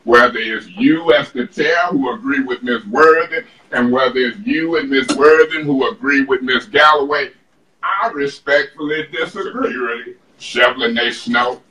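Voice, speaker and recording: A man's voice: mid-range voice, a little slow, sharp tone. A man speaking as a city council member in a heated debate, combative and emphatic, recorded from a distance in a council chamber. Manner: combative, emphatic, mocking others in put-on voices. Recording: echoey chamber, distant mic.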